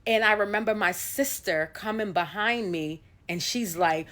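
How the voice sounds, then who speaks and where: A woman's voice: mid-range voice, unhurried, fairly bright tone. A woman singer telling a story to her viewers in a casual, chatty way, acting out the voices of the people in it.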